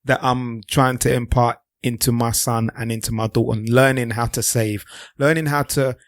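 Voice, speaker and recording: A man's voice: mid-range voice, flat delivery, normal speed, dry recording, studio quality. A man speaking earnestly in a casual podcast chat, often checking that others follow. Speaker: podcast co-host.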